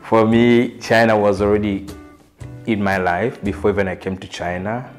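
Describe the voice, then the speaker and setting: A man's voice: fairly low pitch, fairly even intonation, normal speed, faint music behind. A man speaking reflectively in a documentary interview.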